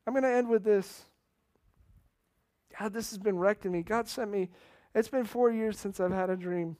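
A man preaching as a pastor, telling a personal story with earnest feeling that swings between hushed and loud. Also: high-pitched, moderate pace, long pauses, no room sound. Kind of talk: sermon.

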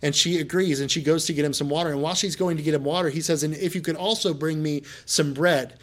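A man's voice: fairly high pitch, fairly even intonation, fast. A male pastor delivering a sermon, retelling scripture stories conversationally and building to emphatic preaching.

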